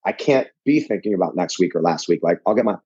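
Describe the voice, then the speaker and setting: A man from Pittsburgh, a boxing coach and podcast guest, chatting in an animated, joking way with quick tangents and restarts. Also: low voice, slightly rough, highs cut off. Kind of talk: casual chat.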